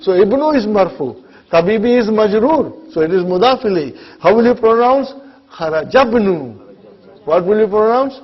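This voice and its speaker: A man teaching an Arabic class, slowly drilling pronunciation with students and encouraging them between phrases. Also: high-pitched, lo-fi sound. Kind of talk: classroom lesson with live students.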